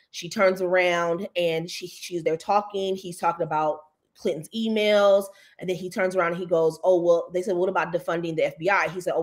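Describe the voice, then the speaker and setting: A woman, a local official, chatting as a guest on a talk show, telling a story with mocking indignation and jumping higher when she quotes people. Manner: animated storytelling, jumps higher when quoting others. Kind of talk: casual talk-show chat.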